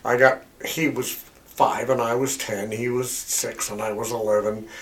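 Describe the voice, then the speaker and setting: An older man, a guest on a podcast, telling stories from his childhood in a relaxed, chuckling way. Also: medium pitch, moderate pace, distant mic. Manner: chuckling, rambling storyteller. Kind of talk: casual storytelling.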